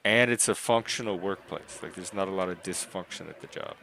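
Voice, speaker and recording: A man's voice: deep voice, brisk, creaky, pushed and bright, rough recording. A man in casual stream chat, making dry, wry comments.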